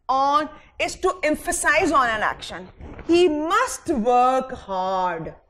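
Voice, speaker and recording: A woman with a high-pitched voice and a Pakistani English accent teaches English grammar in a recorded lecture. She dictates example sentences word by word and checks in with "fine" between points. The audio is poor, with slight background noise.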